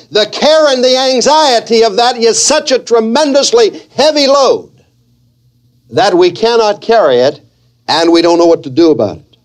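A man preaching a sermon, slow and earnest, with dramatic pauses between phrases. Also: very high voice.

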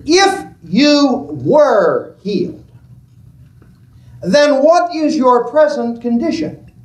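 A man's voice: very high voice, big pitch swings, extremely slow. A man preaching a sermon, leading the congregation in call-and-response and repeating his phrases. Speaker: pastor.

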